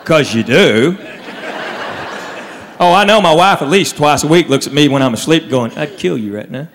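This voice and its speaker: Male comic, lively pitch, slightly high voice, live hall with reverb and faint crowd. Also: normal speed, slight background noise. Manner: animated storytelling, acting out relatives. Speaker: stand-up comedian. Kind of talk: stand-up routine.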